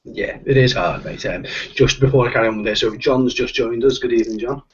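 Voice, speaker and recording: A man's voice: mid-range voice, brisk, breathy edge. A man with a Liverpool accent hosting a casual live stream, hesitant with lots of ums. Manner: hesitant, with many ums and restarts. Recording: distant, dull lo-fi online call audio.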